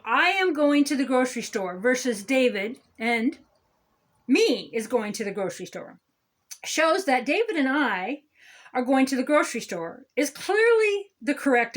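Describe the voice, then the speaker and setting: A woman's voice: sits high, fairly bright tone. A woman playing a smug, condescending male city councilman who lectures on grammar in a satirical comedy monologue. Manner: condescending, lecturing, repeats "okay?".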